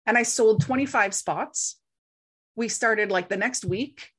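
A woman's voice: on the high side, measured pace, breathy edge. A middle-aged woman, a guest in an interview, telling a story in a casual way and acting out the voices she quotes. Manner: animated, acts out quoted voices.

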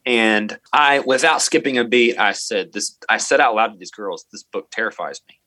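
A man who teaches middle school, telling a story in an interview in an earnest, halting way with many restarts. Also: lowish voice, bright, forceful tone, no echo.

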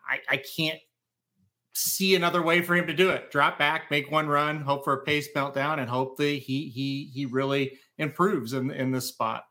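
A man's voice: a little high, fairly even intonation, moderate pace, sharp tone. A man co-hosting a racing podcast, emphatic and fond of "like" and "I mean". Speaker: podcast co-host. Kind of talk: casual podcast chat.

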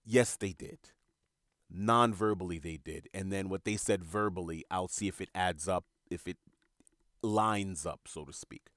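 Earnest low-voiced male podcast host. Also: moderate pace, fairly bright tone, dry recording, studio quality. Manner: earnest, repeats words when searching for them. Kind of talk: reflective monologue.

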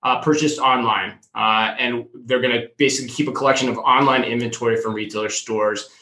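Bright-voiced man in an echoey room. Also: medium pitch, a little fast. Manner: animated, jokey, talks in bursts. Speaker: co-host of a retail news show. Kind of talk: casual news discussion.

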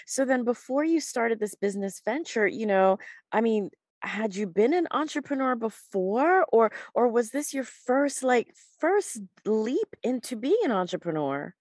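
A woman's voice: on the high side, very animated, measured pace, a little mellow, no echo, studio quality. A woman hosting a podcast interview, chatting casually and murmuring along as her guest speaks. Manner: encouraging, frequent back-channel murmurs. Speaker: podcast host.

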